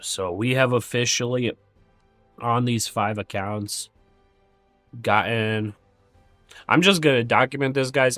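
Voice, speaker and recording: A man's voice: medium pitch, takes it slowly, pauses often, a bit bright, dry recording, faint music behind. Self-critical man trading live. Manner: thinks aloud through figures, candid and self-critical. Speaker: day trader streaming live.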